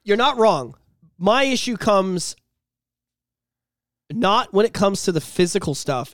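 A man's voice: sits high, lively intonation, slow pace, long pauses, a bit bright, no room sound, studio quality. A man co-hosting a casual podcast, talking in a blunt, heated, sweary way. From Canada. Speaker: podcast co-host.

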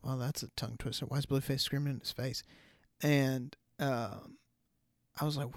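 A man's voice: mid-range voice, fairly even intonation, normal speed, no room sound, studio quality. A man hosting a podcast alone, talking in a loose, chatty, profane way with lots of fillers and restarts. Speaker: podcast host. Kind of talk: casual solo podcast rant.

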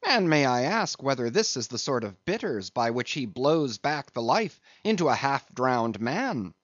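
A man reading an audiobook, voicing a brash, blustering sailor mate who mocks loudly and leaps up in pitch. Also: sing-song, dry recording, muffled recording. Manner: loud, mocking, fast-rising outbursts.

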